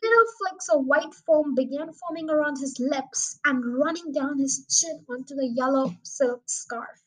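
High-voiced woman reading a storybook aloud. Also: unhurried, rough recording. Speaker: audiobook reader.

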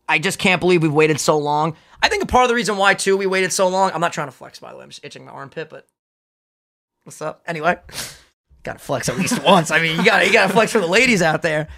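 A young man co-hosting a casual podcast, loud, profane and hyped. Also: sits high, a little fast. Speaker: podcast co-host.

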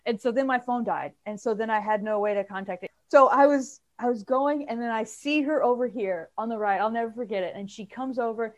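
A woman's voice: fairly high pitch, a little fast, hardly any pauses. A woman co-hosting a podcast in casual chat, telling a story animatedly and acting out the quotes with big jumps in her voice. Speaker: podcast co-host.

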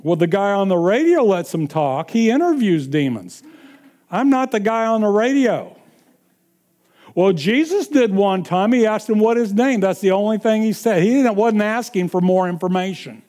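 A man's voice: high voice, lively intonation, normal speed, warm tone. A man preaching a sermon, emphatic and repeating his points with frequent chuckles.

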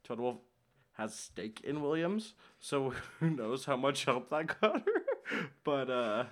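A man co-hosting a podcast in casual chat, easygoing and quick to laugh. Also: mid-range voice, big pitch swings, a bit bright. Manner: easygoing, laughs often while talking. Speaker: podcast co-host.

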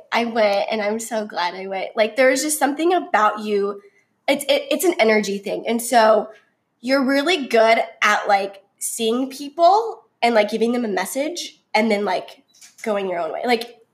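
Young woman telling her story with lots of "like". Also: mid-range voice. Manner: chatty, many fillers, shifts from bubbly to subdued. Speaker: guest sharing her story. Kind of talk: casual heartfelt conversation.

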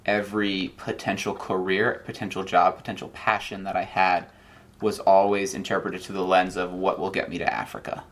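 A young man with a low voice speaks as a guest in a relaxed interview. He tells his story with energy and acts out the lines people said. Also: normal speed. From Nigeria and Ohio. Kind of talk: casual interview.

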